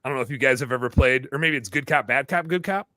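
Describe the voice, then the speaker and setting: A man's voice: mid-range voice, fast talker, fairly bright tone, no room sound, studio quality. A man hosting a podcast, telling a long story in a rambling, chatty way full of asides. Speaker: podcast host. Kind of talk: casual storytelling chat.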